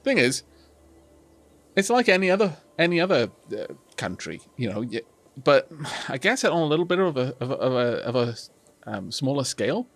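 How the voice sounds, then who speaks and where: A man's voice: mid-range voice, big pitch swings, normal speed. A Welsh man chatting casually to his live-stream audience while playing a strategy game, rambling along with many restarts.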